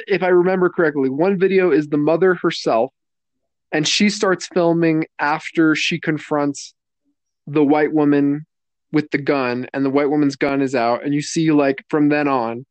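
A man with a somewhat high voice explains events on a podcast, restarting phrases to get the details right. The sound is dry and close. He is casual and conversational. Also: steady tone, normal speed, darkish tone, dry recording. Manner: explains carefully, restarts and clarifies. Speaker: podcast co-host. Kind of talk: casual commentary chat.

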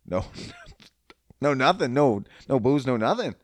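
In a dry recording, a man with a medium-pitched voice and lively intonation talks unhurriedly and crudely about fitness and diet. His casual, profane monologue wanders and jokes around, and he acts out both sides of conversations by voicing others in quotes.

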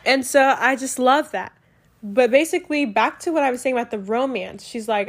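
A young woman chatting casually about a book she loved, rambling and excitable, full of "like" fillers, recorded on a home mic. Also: a little high, fairly quick. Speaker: book reviewer. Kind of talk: casual book review chat.

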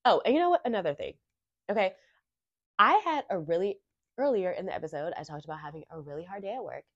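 A woman podcast host telling a casual story in an animated, chatty way, full of rhetorical asides. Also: fairly low pitch, quick pace, no room sound. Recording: dry, slightly muffled lo-fi recording.

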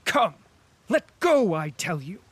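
A man's voice: sits high, sing-song, slow pace, breathy edge, voice pushed up, full character voice. A man playing an older nobleman, reproachful and weary. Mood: angry. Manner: reproachful, commanding, later weak and sincere. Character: aging nobleman near sixty, stern then broken. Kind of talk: audiobook character reading.

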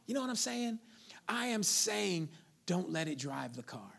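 A man's voice: high-pitched, big pitch swings, a little slow, creaky, fairly bright tone. A man preaching a sermon as pastor, conversational and playful, calling out to the congregation.

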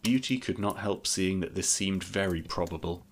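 A man narrating a classic fairy tale in a steady, measured storybook reading. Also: low voice.

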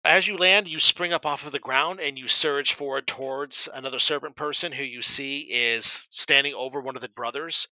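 A man's voice: mid-range voice, normal speed, hardly any pauses, bright, forceful tone, no echo, rough recording. A man narrating a tabletop game as game master, describing scenes vividly and dramatically.

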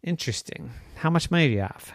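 Man voicing a pet store clerk, puzzled, patient, chatty, doubtful, lively pitch. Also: fast talker, gravelly, no echo, studio quality. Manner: doubtful, chatty salesman questions.

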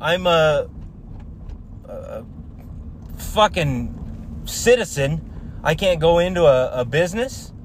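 A man's voice: fairly high pitch, expressive, takes it slowly, long pauses, a little hiss or hum. A man who works as a contractor, telling a story in a heated, profane rant full of swearing and restarts. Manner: rambling, with many fillers and restarts.

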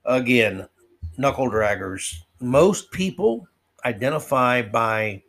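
A man hosting an opinion podcast monologue, sarcastic and mocking, drawing some words out slowly and rushing through quick asides. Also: mid-range voice, animated, a bit bright. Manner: swings between slow drawl and quick asides. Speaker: podcast host.

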